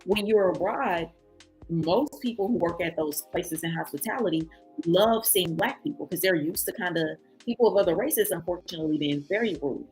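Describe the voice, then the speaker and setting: A woman's voice: lowish voice, normal speed, soft background music. A woman telling a travel story in a casual vlog, acting out other people's voices. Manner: animated, acts out other people's voices in quotes. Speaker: travel vlogger.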